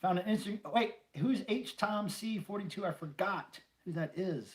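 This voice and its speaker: Casual livestream host, middle-aged man, banters and reads chat, slightly raised pitch. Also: fairly quick. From North Carolina, USA. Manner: chatty, jokey, reads viewer comments aloud. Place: home room.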